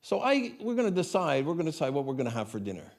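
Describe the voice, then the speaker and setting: A man's voice: a little high, very animated, rapid-fire. A man from Canada giving a conversational conference talk, often adding tag questions, on a handheld mic. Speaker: conference speaker. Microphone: handheld mic, hot gain.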